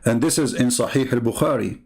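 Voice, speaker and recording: A man's voice: mid-range voice, fairly quick, vocal fry, a little mellow. A man hosting an online show, commenting on a clip with a mocking, sarcastic manner and broken English.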